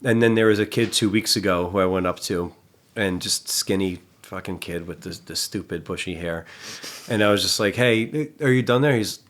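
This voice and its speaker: A man's voice: low voice, fairly even intonation, normal speed, a bit bright. A man working as a gym trainer, talking in a casual podcast chat. He is blunt, swears freely and acts out the people in his stories. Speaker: personal trainer and gym staff.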